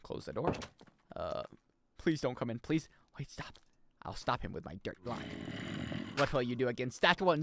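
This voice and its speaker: Animated young man streaming a game. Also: moderate pace, pauses often, noisy background. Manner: jokey, swears, bursts into loud high yelling. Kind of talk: casual gameplay commentary.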